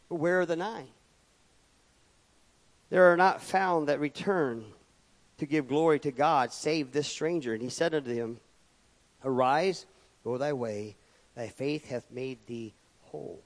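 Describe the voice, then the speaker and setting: A man preaching a sermon, reading scripture aloud and pressing his points with loud emphatic rises and sudden quiet drops. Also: on the high side, unhurried, long pauses.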